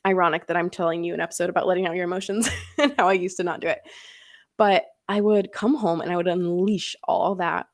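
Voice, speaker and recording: A woman's voice: lowish voice, steady tone, quick pace, dry recording, studio quality. A young woman hosting a podcast as a business coach, talking earnestly and emphatically with frequent laughs. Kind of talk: casual podcast monologue.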